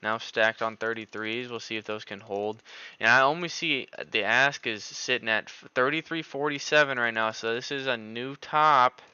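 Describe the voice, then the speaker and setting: A man's voice: medium pitch, moderate pace, pushed and bright, smooth, no room sound, highs cut off. A man streaming live market commentary, thinking aloud with frequent fillers. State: out of breath. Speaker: stock trading streamer.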